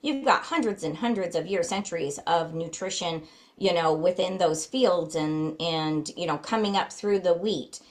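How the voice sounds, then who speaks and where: A woman talking as a guest in a casual interview, chatty and quick with frequent fillers. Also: lowish voice, rough recording. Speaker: guest, flour company founder.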